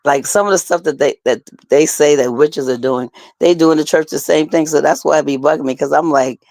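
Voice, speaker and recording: A woman co-hosting an interview, chatting casually in a relaxed, colloquial way and telling stories. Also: low-pitched, fairly quick, no echo. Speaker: co-host.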